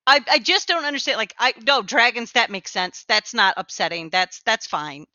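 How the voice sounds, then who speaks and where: A woman's voice: on the high side, sing-song, moderate pace, pushed and bright, dry recording, dull audio. A woman co-hosting a podcast in casual chat, emphatic, often restarting and trailing off. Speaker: podcast co-host.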